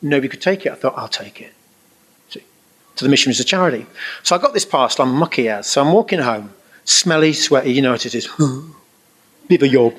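A middle-aged man shares a personal testimony with a gathered audience. His voice sits at an ordinary male pitch as he tells his tale with lively, chuckling asides and homely colloquial turns of phrase. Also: fairly quick, breathy edge. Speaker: speaker giving a personal testimony. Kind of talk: storytelling testimony to a live audience.

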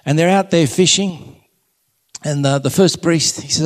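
A man giving a live faith talk, a relaxed and jokey storyteller speaking to an audience in a large hall. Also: on the high side, brisk. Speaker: Catholic speaker. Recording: long hall reverb.

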